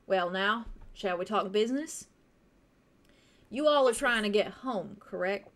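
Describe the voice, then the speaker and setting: A woman voicing a grieving middle-aged male scientist who talks in a courteous, measured and coaxing way. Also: mid-range voice, expressive, lightly acted. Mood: businesslike.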